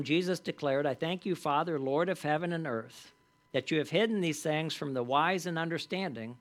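Leading a Bible study class in a conversational style, a man reads scripture aloud with extra emphasis and keeps checking in with the group using quick tag questions. His voice sits on the high side and is a bit bright.

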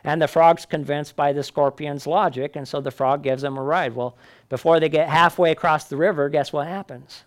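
A man's voice: a little high, a little fast. A man teaching a Bible class in a conversational way, often checking in with the listeners.

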